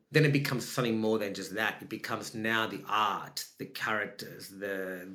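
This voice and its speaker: Animated Australian man with roomy echo. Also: medium pitch. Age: adult with young children. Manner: animated, emphatic, acts out his own inner dialogue. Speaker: actor and podcast guest. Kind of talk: candid conversational storytelling.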